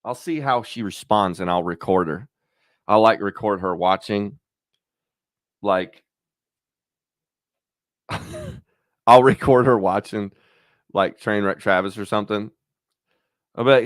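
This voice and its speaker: A man's voice: lowish voice, measured pace, long pauses, dry recording, clean studio sound. A man hosting his own channel, thinking aloud in a rambling, profane, casual chat. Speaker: YouTube channel host.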